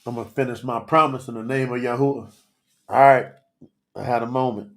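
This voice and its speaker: A man's voice: medium pitch, fairly even intonation, fairly quick, fairly bright tone. A man teaching scripture on a livestream, talking straight to the viewers in the chat, emotional and close to tears.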